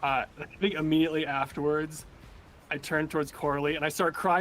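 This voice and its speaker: A man's voice: on the high side, steady tone, a little fast, a bit bright, slight background noise. A man playing a tabletop game, describing his character's actions animatedly with many restarts. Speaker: player. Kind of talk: tabletop game play, casual chat.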